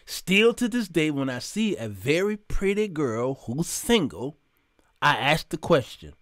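Lively, animated male talk show host. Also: a little high, a little slow, no echo, clean studio sound. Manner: animated storytelling, preacher-like emphasis. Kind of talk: live talk show monologue with chat shout-outs. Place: studio.

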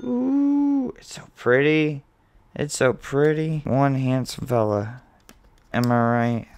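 A man hosting his own video, calmly listing card names as he opens packs and getting excited at the good pulls, with the odd swear word. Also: medium pitch, takes it slowly, noisy background. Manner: relaxed, mildly profane. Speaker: host. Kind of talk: casual card-opening commentary.

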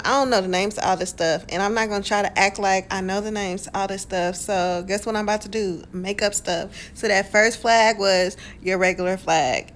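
A woman's voice: mid-range voice, fairly bright tone, slight background noise. A woman vlogger chatting in a casual voice-over, playful and rambling, talking straight to her viewers with self-amused asides. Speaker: planner vlogger.

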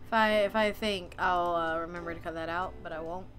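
A woman's voice: lowish voice, steady tone, fairly quick, a bit bright, faint music behind. A woman hosting a game playthrough, commenting in a goofy, rambling way. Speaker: let's play host.

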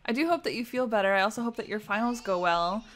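A young woman hosts a relaxed livestream and chats through her life-sim game as she plays. She talks to her characters as if they could hear her, in a casual, unscripted way. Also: a little high, fast talker. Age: young adult. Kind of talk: casual gameplay commentary.

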